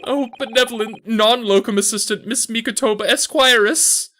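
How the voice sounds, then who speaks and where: A man's voice: very high-pitched, fairly even intonation, normal speed, bright, forceful tone, pitched above the performer's own voice. A man voicing a theatrical young male client who speaks in melodramatic, swooping exclamations, with game music behind. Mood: gushing.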